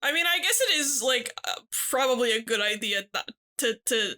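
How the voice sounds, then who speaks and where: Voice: medium pitch, animated, normal speed, sharp tone. A podcast co-host chatting casually and reacting with amused interjections. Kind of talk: casual chat.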